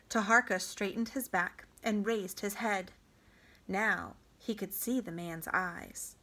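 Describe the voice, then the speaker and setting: A woman reads a novel aloud for a homeschool class. She narrates slowly and evenly, her voice sitting in a middle register. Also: medium pitch. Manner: slow, even read-aloud narration.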